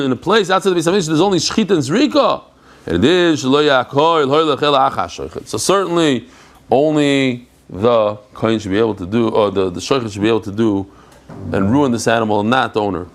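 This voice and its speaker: A man teaching a live Talmud class, animated and chatty, joking with his guests. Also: mid-range voice, brisk.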